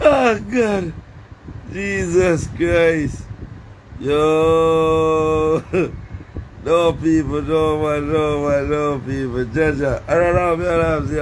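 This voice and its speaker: A man's voice: fairly high pitch, a little hiss or hum. A man with a Caribbean accent chatting casually to his viewers in a rambling, Creole-tinged way, breaking into laughter and calling out to them. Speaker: vlogger.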